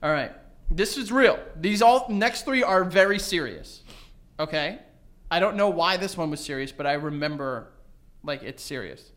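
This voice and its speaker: Rambling animated male podcast host. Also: on the high side, normal speed. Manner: rambling, filler-heavy storytelling. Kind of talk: casual comedic chat.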